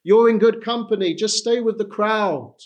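A man's voice: high voice, moderate pace, highs cut off, voice pushed up, close to an everyday voice. A man voicing a devil who coaxes and urges over and over, inside a sermon. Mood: coaxing. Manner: coaxing, repetitive urging. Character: tempting male devil, coaxing and persuasive.

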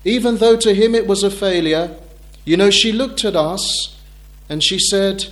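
A middle-aged man preaching a sermon in a measured, thoughtful way, with frequent hesitations. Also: sits high, a bit bright.

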